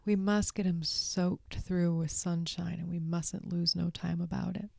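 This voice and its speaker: A woman's voice: lowish voice, little pitch movement, unhurried, creaky, darkish tone, no echo, studio quality, heavily acted. A woman voicing an earnest, caring country boy who speaks urgently.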